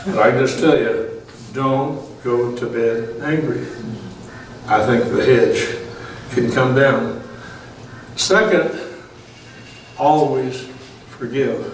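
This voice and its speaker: A male Bible study teacher preaches his testimony in a loose, conversational way, dotted with fillers and small chuckles. His voice sits at an ordinary middle pitch. He is recorded far from the mic in a very echoey room with a faint hum of ambience behind him. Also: takes it slowly. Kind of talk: testimony sermon.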